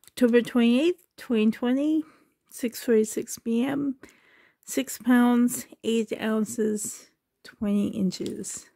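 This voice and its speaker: A woman's voice: fairly high pitch, steady tone, slow, creaky, dark tone, no echo. A woman opening a package on her vlog, gasping with delight, dropping into whispers, emotional and close to tears. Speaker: reborn doll collector, channel host. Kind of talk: excited unboxing vlog.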